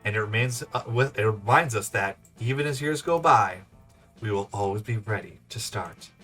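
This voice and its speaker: A man's voice: on the low side, lively intonation, moderate pace, a bit bright. A man hosting a casual let's play, chatting, laughing and reading the game text aloud. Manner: chatty, giggly, loose. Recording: off-mic with faint music.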